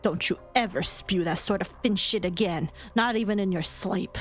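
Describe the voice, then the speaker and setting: A woman voicing a stern, threatening man in a game story, low and cold. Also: normal speed, soft background music, close to an everyday voice. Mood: menacing.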